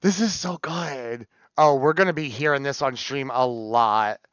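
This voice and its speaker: A young man streaming live, chatting casually and gushing with sudden shrieks of excitement. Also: mid-range voice, unhurried, smooth, dry recording. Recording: slightly dull, dry sound.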